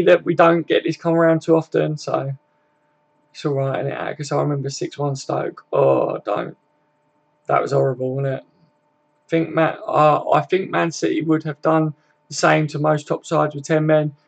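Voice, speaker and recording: A man's voice: a little high, creaky. A young man hosting a live stream, chatting casually, reading out viewers' comments, swearing freely and tagging questions onto his sentences.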